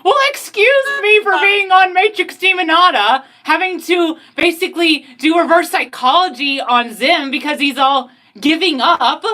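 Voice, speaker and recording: A woman's voice: very high-pitched, moderate pace, few pauses, bright, forceful tone, voice pushed up. A woman voicing a nerdy, earnest teenage boy who sounds sulky and defensive.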